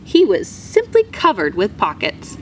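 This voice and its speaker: A woman teacher reading a children's storybook aloud in an expressive, animated way. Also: mid-range voice, a little slow, slight background noise.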